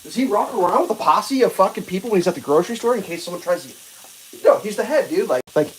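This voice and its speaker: A woman's voice: medium pitch, animated, fast talker, slight background noise, poor audio. A woman hosting a livestream, ranting casually with profanity, many restarts and exasperated asides. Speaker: livestream host.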